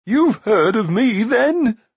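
A man voicing a huge, boastful and needy male cave giant, with a quavering, choking voice drawn out in slow shouts. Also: high voice, breathy edge, no room sound, pitched above the performer's own voice, full character voice. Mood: eager.

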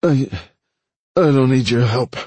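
A wounded, stubborn woman soldier , put on by a male narrator, growls through slurred words. The voice is husky, with a dry, close sound. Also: a bass voice, takes it slowly, warm tone, dry recording, pitched above the performer's own voice, heavily acted. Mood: growling.

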